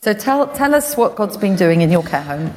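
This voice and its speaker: A woman's voice: mid-range voice, sing-song, normal speed, darkish tone. A woman hosting, encouraging a guest to share her church testimony. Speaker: host interviewing a church member. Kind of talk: church interview. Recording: echoey hall, faint background noise.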